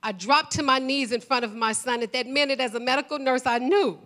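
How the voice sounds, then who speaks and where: Woman, church testimony speaker; fervent, bright, high voice. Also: a little fast. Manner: fervent, rising to loud praise.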